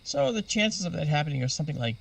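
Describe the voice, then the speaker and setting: A man's voice: a little high, big pitch swings, fast, gravelly, distant mic. A man patiently explaining astronomy as a guest in an interview, spelling out terms as he goes.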